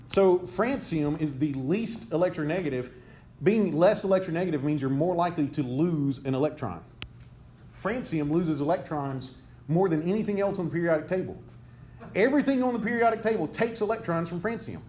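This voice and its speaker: A man's voice: on the high side, a little fast, darkish tone. A man giving a chemistry lecture to a class, quizzing students and joking as he goes. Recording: noisy classroom recording.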